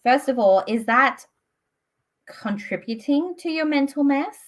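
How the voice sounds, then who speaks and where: An Australian book streamer in her late 20s chats casually on a live stream, rambling and filling her speech with "like" and "um." Her voice is high-pitched and animated, and she keeps a measured pace.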